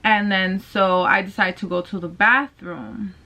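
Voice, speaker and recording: A woman's voice: medium pitch, fairly even intonation, unhurried, vocal fry, sharp tone. A young woman telling a personal storytime vlog, casual and candid, with plenty of slang and swearing. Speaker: vlogger. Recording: dull lo-fi sound.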